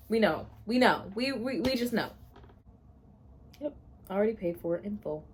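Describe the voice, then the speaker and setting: A woman's voice: mid-range voice, animated, normal speed, long pauses, slightly rough. A young woman chatting casually in a reading vlog, gushing expressively and laughing often. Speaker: book vlogger.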